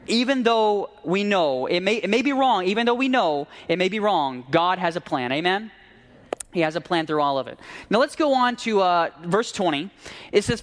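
A man's voice: high-pitched, a bit bright. A man preaching a sermon, reading scripture and telling stories in an earnest way, repeating words as he restarts. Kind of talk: sermon with Bible reading and storytelling.

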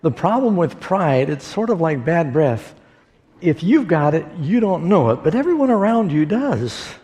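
A pastor giving a sermon, telling stories folksily with pauses and fillers. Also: male voice, fairly high pitch, sing-song, warm tone. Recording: long hall reverb.

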